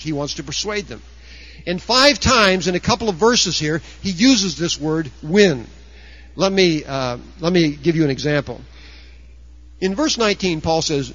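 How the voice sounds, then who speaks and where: A man's voice: high voice, fairly bright tone, highs cut off. A man preaching a sermon earnestly, raising his voice to act out quoted objectors. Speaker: pastor.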